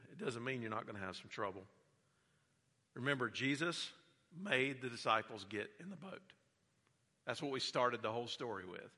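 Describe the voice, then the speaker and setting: A man preaching a sermon as a pastor. He builds to loud, emphatic peaks, then drops back to quiet, earnest teaching. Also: medium pitch, long reverb tail.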